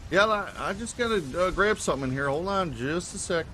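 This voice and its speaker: A man's voice: high voice, lively intonation, fairly quick, crowd noise, voice pushed up. A man playing a blunt, offhand local guy.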